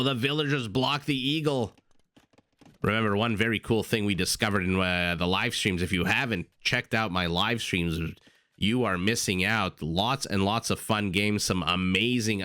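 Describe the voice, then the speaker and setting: A man with a low, bright, forceful voice calls a strategy game match play by play. He jumps between quick analysis and excited asides. He speaks close to the mic in a dry room. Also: no echo. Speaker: esports caster. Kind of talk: live play-by-play commentary.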